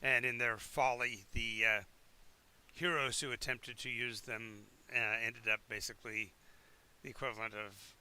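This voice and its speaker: Bright, clear-voiced man running a tabletop game. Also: medium pitch, fairly even intonation. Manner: halting, with many restarts and fillers while checking the map. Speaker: game master. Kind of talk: narrating a tabletop game over a live stream.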